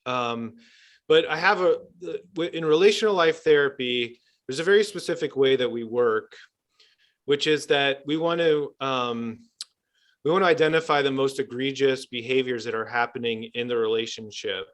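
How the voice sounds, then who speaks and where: A man speaking in a calm, measured conversational voice, his pitch sitting in the middle range for a man. He talks through his work as a couples therapist, pausing with fillers and restarting sentences, and turns gentle and compassionate when voicing the way he speaks to clients. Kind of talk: podcast interview conversation.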